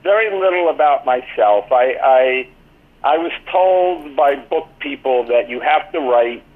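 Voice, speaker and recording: A man's voice: medium pitch, animated, measured pace. An older man, a guest in a casual interview, telling rambling anecdotes full of "you know". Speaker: interview guest, former team athletic trainer and author. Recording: tinny phone-line call.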